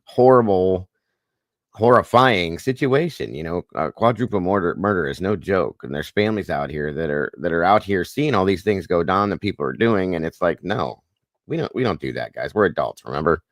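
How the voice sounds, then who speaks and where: A man's voice: low-pitched, expressive, moderate pace, no room sound, studio quality. A man hosting a casual livestream chat, goofy and corny, greeting viewers by name. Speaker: livestream host.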